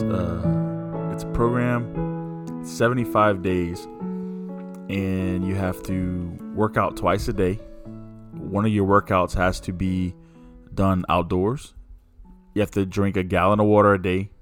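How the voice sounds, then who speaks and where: A man hosting a casual podcast, talking in an easygoing, rambling way with lots of fillers. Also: low voice. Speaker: podcast host.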